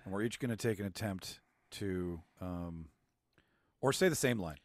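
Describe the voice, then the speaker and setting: A man's voice: sits low, expressive, normal speed, no echo, studio quality. A man hosting a casual podcast chat, leading the game, swearing and laughing easily. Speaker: podcast host.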